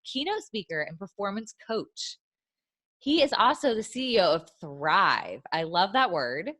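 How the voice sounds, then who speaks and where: A woman's voice: medium pitch, fairly bright tone. A woman hosting an interview, bubbly and laughing often as she introduces her guest and asks questions. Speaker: host.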